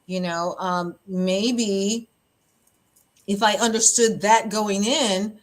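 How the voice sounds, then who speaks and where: A woman pastor hosting a podcast, telling a personal story in an open, animated way, often laughing and acting out what others said. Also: medium pitch, takes it slowly.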